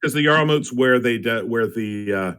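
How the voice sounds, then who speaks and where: A man's voice: medium pitch, moderate pace, fairly bright tone, smooth. A man playing in an online tabletop game, chatting casually and hesitantly, repeating himself as he starts a thought. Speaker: player. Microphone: voice chat microphone.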